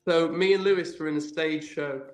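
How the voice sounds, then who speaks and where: Over a video call, an enthusiastic young actor from England gives a casual interview, peppering his speech with ums and likes. His fairly quick, steady voice sits on the high side, sounding reverberant with faint music behind.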